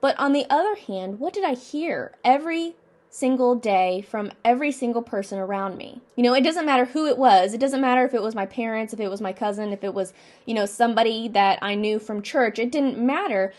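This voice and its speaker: A woman's voice: a little high, animated, brisk, a little mellow. A woman in her twenties giving an earnest, personal motivational talk to camera, repeating phrases and asking herself questions as she goes. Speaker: vlogger.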